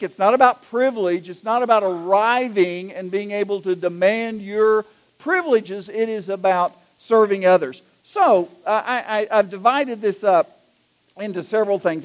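A middle-aged man, an executive pastor, preaching a sermon in a folksy, storytelling way. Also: high voice. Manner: folksy, anecdotal, animated when telling jokes.

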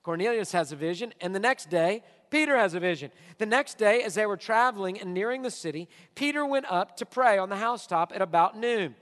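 A male pastor preaching a sermon with emphatic delivery, swinging from quiet asides to loud, shouted points. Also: high voice, expressive, a little fast, few pauses, long reverb tail.

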